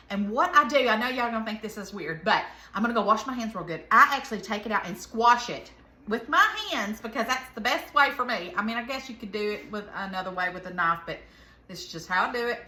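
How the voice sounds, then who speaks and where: This Southern-accented home cooking host chats casually while she cooks in her kitchen, wandering into folksy asides. She speaks at medium pitch and a quick pace with a sharp tone, and the room sounds reverberant.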